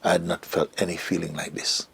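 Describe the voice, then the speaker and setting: A man's voice: sits low, little pitch movement, brisk, vocal fry, slightly rough. A middle-aged man recounting a personal story as an interview guest, reflective and hesitant, sometimes dropping to a whisper. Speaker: interview guest, spiritual teacher.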